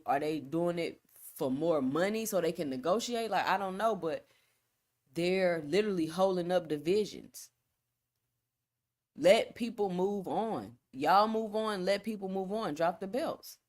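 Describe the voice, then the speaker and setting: A woman from Texas with a Texan accent, hosting a solo live stream, talking in an emphatic, repetitive way with casual slang and reading the chat. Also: medium pitch. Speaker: boxing channel host.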